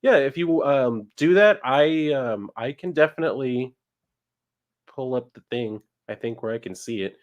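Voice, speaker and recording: A man's voice: mid-range voice, expressive, moderate pace, muffled recording. A man live-streaming casual chat, reading viewer messages and talking animatedly with frequent swearing.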